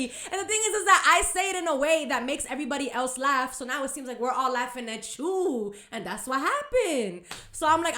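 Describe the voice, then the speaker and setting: A young woman tells a story on a casual podcast. Her voice sits a little high, and she swings into loud acted quotes, then drops to low, muttered asides. She swears freely and talks in slang. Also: animated, brisk, echoey room. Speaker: podcast host.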